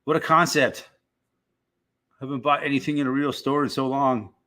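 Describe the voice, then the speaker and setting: A middle-aged man chats on his live stream in a loose, rambling way, swearing freely. His voice has a bright, forward edge at an ordinary male pitch. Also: fairly even intonation, moderate pace. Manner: rambling, profane, laid-back. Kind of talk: casual live stream chat.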